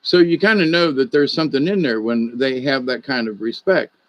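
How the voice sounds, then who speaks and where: A man's voice: mid-range voice, a little fast, lo-fi sound. A man, a puppeteer and storyteller, telling an anecdote in a casual, rambling way, with many restarts and quoted dialogue.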